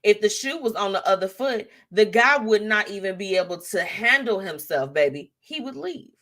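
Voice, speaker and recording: A woman hosts a live show in a relaxed, talkative manner, laughing a lot and dropping slangy side comments. As she responds to viewer comments, her pitch leaps up and dips down. Her delivery is expressive and somewhat bright, at a normal speed.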